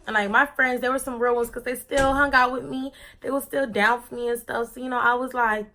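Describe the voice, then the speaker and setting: A woman's voice: sits high, fairly even intonation, brisk, few pauses, pushed and bright. A young woman vlogger telling a personal story in a casual, dramatic, slangy way.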